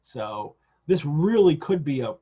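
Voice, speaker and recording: A man's voice: a little high, very animated, a little slow, dark tone, slightly rough. A man hosting a casual discussion of a novel over a video call, talking with enthusiasm, wandering off on side points and filling gaps with ums. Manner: enthusiastic, digressive, many fillers. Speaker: host. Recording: dull lo-fi video call audio.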